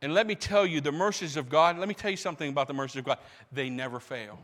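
Bright-voiced preaching man in a hall. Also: a little high, fast talker. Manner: animated preaching with repeated restarts. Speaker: pastor. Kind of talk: sermon.

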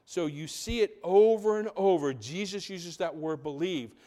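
A man preaching a sermon as pastor, animated, asking the congregation rhetorical questions and dropping into quiet asides. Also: sits high, moderate pace.

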